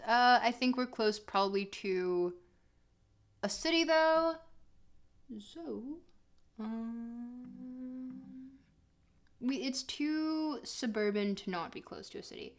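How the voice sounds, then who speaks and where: A woman's voice: on the high side, expressive, slow, pauses often. A woman streamer giving casual, joking commentary while playing, talking straight to her chat. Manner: chatty and joking, answers chat directly.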